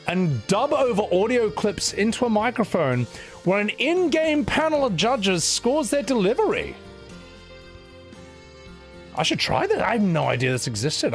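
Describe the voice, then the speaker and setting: A male streamer in casual commentary, animated and quick to laugh, with frequent swearing. His voice is on the higher side and swings widely in pitch. Faint music plays behind him.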